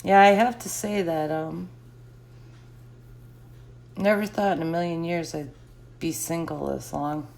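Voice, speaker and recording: Slow, gravelly-voiced middle-aged woman. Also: on the low side, steady tone, darkish tone. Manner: slow, chatty, laughs often. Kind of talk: casual chat reading live comments.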